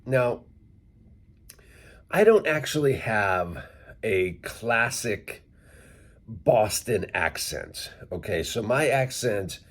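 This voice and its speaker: A middle-aged man from central Massachusetts, speaking as an English teacher in a casual, deliberate monologue to camera and spelling words out letter by letter. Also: fairly low pitch, sing-song, a bit bright. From central Massachusetts, USA.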